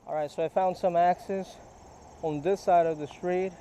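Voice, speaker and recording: A man's voice: sits high, steady tone, normal speed, mellow, slight background noise, poor audio. Chatty man vlogging beside a creek. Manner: chatty, addresses viewers directly. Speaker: fishing vlogger. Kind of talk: casual outdoor vlog narration.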